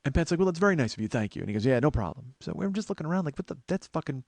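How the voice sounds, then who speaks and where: Middle-aged male comic host, lively pitch, exasperated storytelling rant. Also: racing, gravelly, no room sound. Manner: exasperated rant, swearing, quoting others. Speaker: comedian and podcast host. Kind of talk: storytelling monologue.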